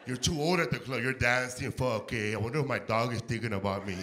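A man doing a profane stand-up set, loud, swinging his voice up to shouts and acting out barks. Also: mid-range voice, quick pace, hardly any pauses, slight background noise. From Mexico. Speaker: stand-up comedian. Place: comedy stage before a live audience.

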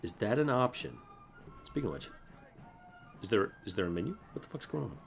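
A man from South Carolina hosting a let's play, mixing excitable yelling and laughter at the game with calm history explanations and casual swearing. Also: on the low side, brisk, vocal fry, faint music behind. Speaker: gaming channel host.

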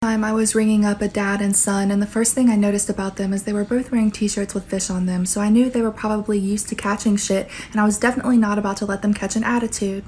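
A woman's voice: mid-range voice, level tone, fast talker, hardly any pauses, a little mellow, a little hiss or hum. A woman who works as a cashier, telling a sassy storytime anecdote. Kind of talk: casual storytime.

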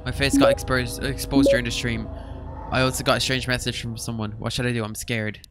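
A young man commenting as he plays a horror game, jumpy and swearing and yelling when startled. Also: medium pitch, little pitch movement, brisk, over loud music. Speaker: gaming streamer.

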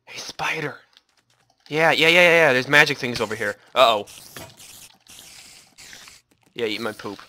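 A man with a very bright, edgy voice commenting on a game he is playing. His pitch jumps all over as he swings from low mutters to sudden shouts, with keyboard typing heard behind him. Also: lively intonation, normal speed, pauses often, slight background noise. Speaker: gaming channel host. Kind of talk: casual let's play commentary.

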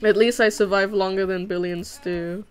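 A woman's voice: medium pitch, fairly even intonation, normal speed, clean tone. A young woman livestreaming while she draws, chatting casually with her viewers in a bubbly, rambling way with lots of giggles and fillers. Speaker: livestreaming animator. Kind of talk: casual chat reading stream chat while drawing.

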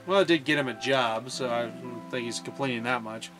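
A man's voice: mid-range voice, a little fast. A man hosting a let's play, commentating on a video game with joking, self-mocking asides. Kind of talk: gameplay commentary. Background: faint game music.

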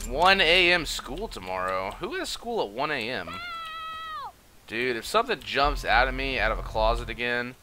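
A man's voice: mid-range voice, very animated, normal speed, background noise. A man giving casual, jokey, profane commentary while he plays through a video game. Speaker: gaming streamer.

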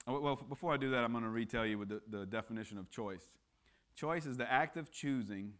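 Man, guest preacher, casual sermon; joking yet earnest, stumbles and restarts, medium pitch. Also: fairly bright tone. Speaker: guest speaker. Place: church sanctuary.

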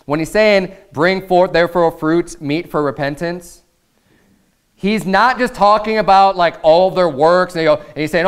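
A man delivering a sermon from a church pulpit, his voice pitched a little high and notably smooth and resonant. He reads scripture in an even, deliberate cadence, then rises into loud, fervent preaching. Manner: fervent preaching that swells into raised, emphatic passages. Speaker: pastor. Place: church sanctuary.

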